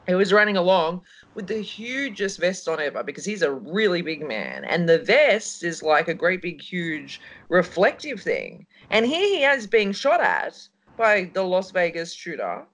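A woman's voice: fairly low pitch, sing-song, a little slow, a bit bright. A woman co-hosts a casual radio-style talk show. She rambles through a story, and her voice rises and falls a lot. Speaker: co-host.

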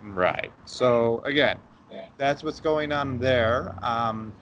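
A man's voice: mid-range voice, slow, fairly bright tone, highs cut off, slight background noise. A man hosting a casual radio-style talk show. He speaks bluntly and gives strong opinions, restarting his sentences as he goes. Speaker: host.

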